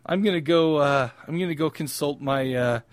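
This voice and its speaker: A man's voice: fairly high pitch, normal speed, no room sound, clean studio sound. A young adult man co-hosting a podcast, rambling through crude casual banter and laughing often. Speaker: podcast co-host. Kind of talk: casual chat.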